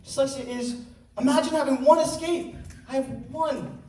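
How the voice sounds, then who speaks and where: A man's voice: very high-pitched, fairly even intonation, moderate pace, a little mellow. Earnest young man in an echoey hall. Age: teens. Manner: earnest storytelling with joking asides. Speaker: student speaker. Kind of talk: personal talk on stage. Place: large hall with audience. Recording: roomy hall sound, mic at a distance.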